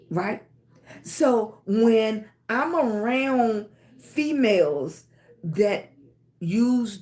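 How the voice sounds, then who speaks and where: A woman's voice: medium pitch, a little mellow. A middle-aged woman hosting a livestream, giving a casual motivational talk in an emphatic way, repeating her points and checking in with "okay?" and "right?". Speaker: livestream host.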